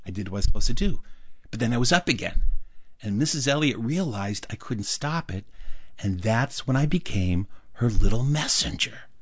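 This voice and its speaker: Animated male storyteller. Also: mid-range voice, moderate pace, slightly rough, no room sound. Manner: animated, acts out dialogue with varied voices. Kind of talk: performed personal storytelling.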